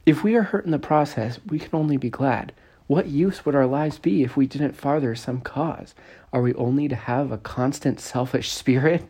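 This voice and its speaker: A man reading a calm, wise heroine. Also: medium pitch, moderate pace, breathy edge. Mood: earnest.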